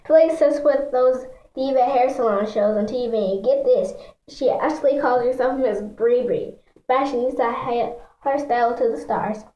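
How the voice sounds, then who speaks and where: High-voiced woman casually reading a storybook. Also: moderate pace, mellow, roomy sound, muffled recording. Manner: chatty, stumbles and adds asides to listeners. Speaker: reader. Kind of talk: casual reading of a children's book aloud.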